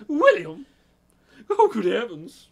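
A man voicing a flustered, melodramatic English girlfriend in a high falsetto with a put-on British accent, in an improvised comedy sketch. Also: wildly swooping pitch, takes it slowly, creaky, heavily acted. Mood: scandalized.

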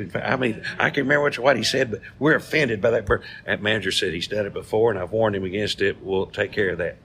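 A man's voice: on the low side, fast, few pauses, a bit bright, a little hiss or hum. A man, co-hosting a casual chat and telling jokes in a folksy way. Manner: folksy storyteller. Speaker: co-host.

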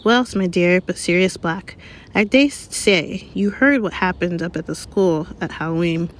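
A woman reading aloud, voicing a pompous, portly male government minister in a smooth, self-important way. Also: on the low side, unhurried, natural voice. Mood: pompous, grave. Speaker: reader. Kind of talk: read-aloud audiobook.

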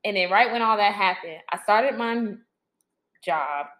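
A woman's voice: medium pitch, normal speed. A young woman co-hosting a podcast, chatting casually and animatedly, acting out what people said. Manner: animated, quotes people in put-on voices. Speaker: podcast co-host. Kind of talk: casual chat.

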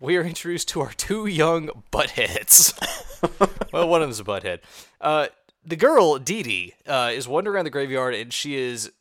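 A man co-hosting a podcast, sarcastic and animated, swearing and mocking an episode in casual chat. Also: a little high, moderate pace, no room sound, clean studio sound. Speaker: podcast co-host.

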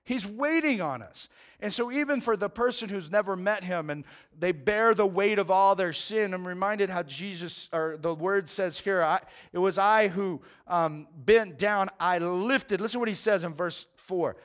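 A man's voice: high voice, moderate pace, a bit bright. A man preaching a sermon as pastor, earnest and conversational, often repeating words as he goes.

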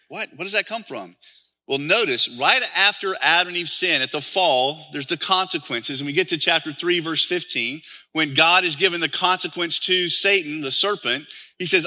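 Male pastor, sermon delivery, very bright and forceful tone, keeps asking rhetorical questions. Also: a little high, lively intonation, moderate pace. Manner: explains scripture with frequent rhetorical questions.

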